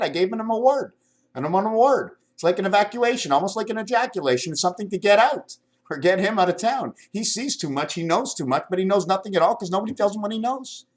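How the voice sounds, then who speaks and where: An older man talking to his camera in a home vlog, rambling from one topic to the next and showing things as he goes. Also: on the high side. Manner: wandering stream-of-consciousness talk, jumping between topics; shows items to the camera while talking. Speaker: vlogger.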